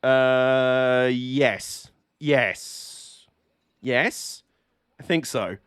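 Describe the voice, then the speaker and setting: A man streaming a live watch-along of a motor race, excitable and sweary, laughing often as he reacts. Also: mid-range voice, very slow, clear, resonant tone, no echo, clean studio sound.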